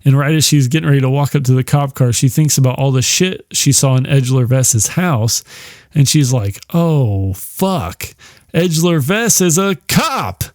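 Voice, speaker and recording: A man's voice: mid-range voice, a little fast, darkish tone, no room sound, studio quality. Rambling, profane man retelling a plot. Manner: rambling, profane, laughs often. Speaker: podcast host. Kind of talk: casual retelling of a novel's plot.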